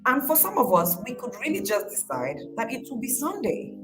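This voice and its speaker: A woman's voice: fairly high pitch, huge pitch swings, fairly quick, over music, low-quality recording. A woman giving a casual motivational talk, speaking conversationally, repeating her phrases and acting out quoted voices.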